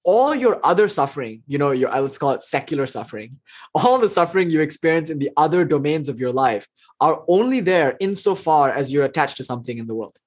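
Lively man teaching spiritual ideas. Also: slightly rough. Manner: animated, storytelling, voices quotes with big pitch jumps. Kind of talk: casual spiritual talk.

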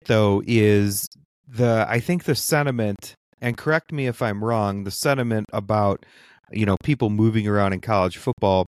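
Lower-voiced man making his point, dry sound. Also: dry recording. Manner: measured, lays out a counterpoint. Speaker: podcast co-host. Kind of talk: casual sports chat.

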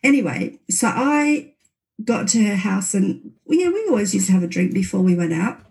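A middle-aged woman telling a personal story in casual chat, animated and laughing, her voice climbing high as she relives a fright. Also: normal speed, vocal fry.

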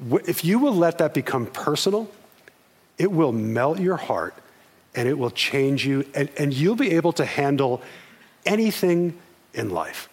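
A male pastor delivering a sermon, telling the story with animated quoted voices. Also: on the high side, unhurried, breathy edge.

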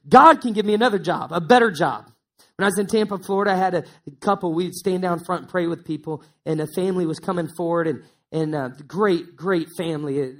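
A man's voice: sits high, fairly quick, a bit bright. A man pastor preaching a sermon in a conversational way, repeating words for emphasis.

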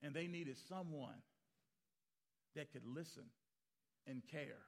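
Pastor guy preaching, acts out the people in his stories, gets loud then goes quiet. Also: fairly high pitch, slow. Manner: animated, acts out quotes, swings from loud to hushed. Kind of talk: sermon storytelling.

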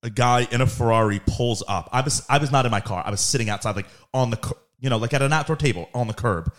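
Young man telling stories quickly. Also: mid-range voice. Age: young adult. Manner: animated storytelling, defensive. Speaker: podcast co-host, son. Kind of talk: casual podcast chat.

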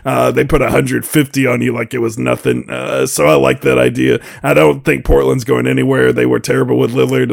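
A man chatting casually about basketball as a panelist, joking and pausing often with fillers. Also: mid-range voice, gravelly, no room sound, clean studio sound. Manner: joking, hesitant with many fillers. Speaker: sports talk panelist. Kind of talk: casual sports chat.

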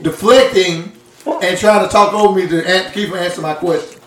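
A man's voice: sits high, steady tone, brisk. A man bantering about college football, insistent and heated, repeating his questions. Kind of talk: casual sports banter. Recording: echoey room with faint noise.

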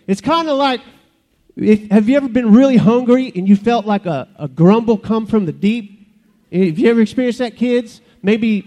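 Guy doing a super high voiced bragging talking bush, playful with the kids. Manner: animated, playful storyteller addressing kids. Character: chatty boastful talking burning bush, male. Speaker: children's church puppet character. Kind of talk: kids' church skit.

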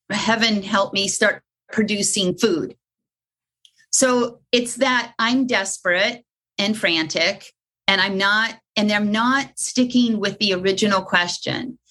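A woman dog trainer talking in an interview, animated, acting out her dogs and students in quick voices. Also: fairly high pitch. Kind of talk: conversational interview.

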